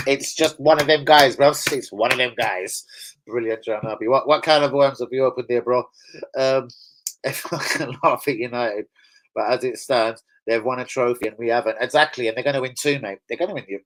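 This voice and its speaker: A man's voice: medium pitch, brisk, a bit bright, rough recording. Young man, streamer host, loose, sweary, chatty, laughs a lot. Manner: swearing, chatty, laughs often, answers chat. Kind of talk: casual live stream chat.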